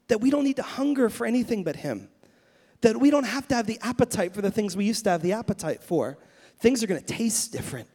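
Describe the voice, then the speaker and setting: A man's voice: sits high, a little mellow, breathy edge. A man in his thirties preaching a sermon as pastor. He tells stories in a chatty way with many restarts, then builds to fervent, emphatic preaching. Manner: anecdotal storytelling with many restarts.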